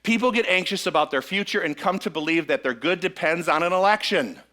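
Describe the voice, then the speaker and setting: A man's voice: high-pitched, a little fast, sharp tone. A middle-aged male minister preaching a sermon to a live congregation, often checking in with them and leading them in call-and-response. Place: church sanctuary with a live congregation.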